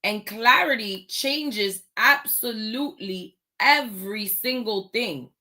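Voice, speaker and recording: A woman hosting a motivational talk, speaking slowly and emphatically and pausing on pointed rhetorical questions. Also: fairly high pitch, pushed and bright. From United States. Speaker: host.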